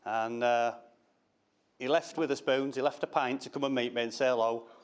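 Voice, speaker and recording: A man's voice: mid-range voice, steady tone, normal speed, clear, resonant tone. A middle-aged man giving a father-of-the-bride speech from notes, teasing and breaking off with asides. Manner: jokey, teasing, self-interrupting. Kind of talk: wedding speech read from notes.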